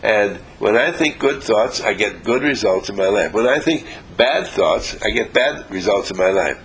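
Speaking to a small group as an inspirational speaker, a man uses a lowish, fairly bright voice with lively intonation at normal speed. The audio quality is poor, with slight background noise. His delivery is emphatic and repetitive, and he often chuckles and performs the voices of people he quotes.

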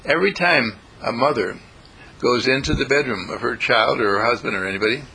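A man's voice: mid-range voice, brisk, vocal fry, pushed and bright, slight background noise, low-quality recording. A man giving an inspirational spiritual talk in a folksy, repetitive way, chuckling as he preaches. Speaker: spiritual speaker.

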